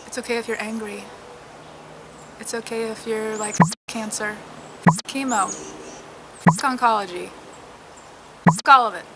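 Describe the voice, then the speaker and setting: A middle-aged woman who is unwell and worn out, talking candidly in a personal vlog, halting, sometimes soft and sometimes loud. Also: a little high, steady tone, background noise. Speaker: vlogger.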